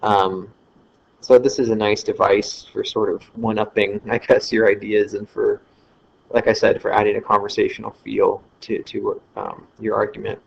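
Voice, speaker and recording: A man's voice: lowish voice, steady tone, moderate pace, gravelly, darkish tone. A man giving a casual screen-recorded lecture, talking loosely with fillers and correcting himself as he goes. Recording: slightly dull lo-fi screen recording.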